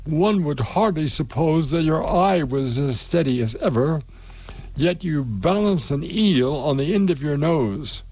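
A man's voice: on the high side, animated, a little slow, a little mellow, dry recording, pitched above the performer's own voice. A man reading the part of a cheeky young man who keeps questioning his old father, his voice raised.

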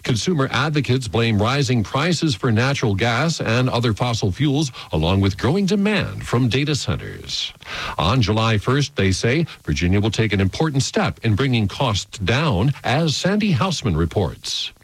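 A man anchoring a radio newscast, reading the stories in a steady, formal delivery. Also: mid-range voice, moderate pace, slightly rough, no echo, low-quality recording.

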